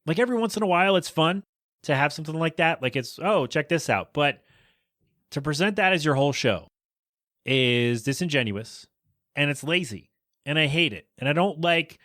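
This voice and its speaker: A man's voice: fairly high pitch, expressive, normal speed, pushed and bright, no room sound, clean studio sound. A man hosting his own podcast, chatting casually on his own and rambling, restarting his sentences and voicing blunt opinions. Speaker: podcast host. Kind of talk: casual solo podcast chat.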